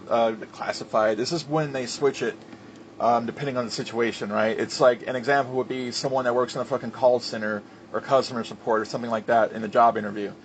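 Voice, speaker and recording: A man's voice: medium pitch, a little hiss or hum. Heated, profane man ranting about wrestling. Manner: filler-heavy with restarts. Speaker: wrestling commentator. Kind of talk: ranting commentary.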